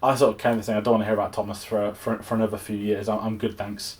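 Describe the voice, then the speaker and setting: A man's voice: fairly low pitch, little pitch movement, fast talker, a little mellow. A young English man giving a casual, exasperated film review, rambling with frequent restarts. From England.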